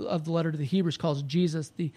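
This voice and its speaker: High-voiced preaching man. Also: fast, husky. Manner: animated, rising loud when quoting the crowd; conversational, with restarts. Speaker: pastor. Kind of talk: sermon.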